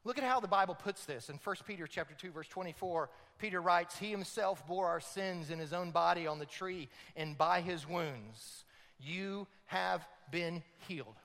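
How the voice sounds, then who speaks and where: A man preaching a sermon, dramatic and building to loud emphatic peaks. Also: sits high, moderate pace, vocal fry, long reverb tail. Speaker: pastor.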